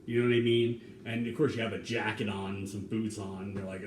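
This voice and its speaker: A man talking in a rambling, casual way, swearing now and then, with sudden loud bursts and some humming and scatting. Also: on the low side, little pitch movement, a little fast, recorded from a distance. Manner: hums and scats tunes between talking. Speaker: vlogger cooking on camera. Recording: echoey room, off-mic, faint hum.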